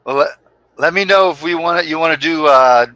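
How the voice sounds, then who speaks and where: A man appearing as a guest on a talk show, speaking calmly and matter-of-factly with a lot of hesitation. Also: on the high side, brisk, no echo, rough recording. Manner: calm and matter-of-fact, hesitant with fillers. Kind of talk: casual interview chat.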